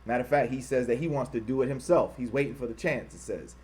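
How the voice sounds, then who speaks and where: A man hosting an online show, reading items off his screen and talking about them. He repeats himself often and gets loud and high-pitched when he is worked up. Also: fast talker, husky. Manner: repetitive, grows loud and high when heated, mocking quoted voices. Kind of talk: livestream commentary reading from a screen.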